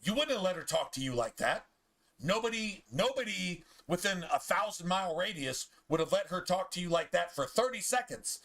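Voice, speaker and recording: A man's voice: high voice, big pitch swings, normal speed, fairly bright tone. A man streaming a game, telling a heated, profane story in casual chat. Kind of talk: ranting chat over gameplay.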